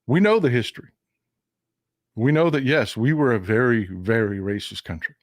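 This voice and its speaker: A man's voice: medium pitch, moderate pace, no room sound, studio quality. A man hosting a live stream, chatting casually with viewers, laughing often and reading their comments aloud. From United States.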